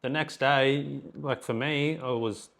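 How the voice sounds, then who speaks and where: A man's voice: medium pitch, fairly even intonation, slow, creaky, fairly bright tone. A young Australian man co-hosting a podcast, telling his own story in blunt casual chat and swearing often. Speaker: podcast co-host.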